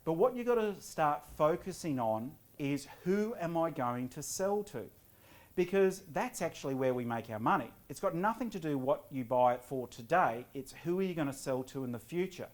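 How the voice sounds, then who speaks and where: A middle-aged man giving a property investment seminar to a live audience, lively and often quizzing the crowd. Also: fairly high pitch. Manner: energetic, quizzes the audience with quick questions.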